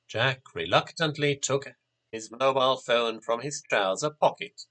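Slow, expressive male storyteller. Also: mid-range voice. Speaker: narrator. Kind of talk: storybook reading.

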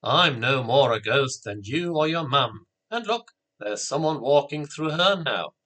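A man voicing an ancient, kindly wizard who speaks quietly and calmly. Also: mid-range voice. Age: older. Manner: quiet, unhurried, reassuring. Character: ancient wise male wizard, calm and kindly.

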